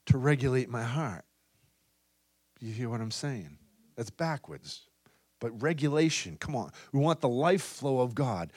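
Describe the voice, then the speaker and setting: Charismatic male preacher, dry close sound. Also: no room sound. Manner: swings from loud exhortation to low, soft intimacy; peppers talk with "come on" and "right?". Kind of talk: charismatic sermon.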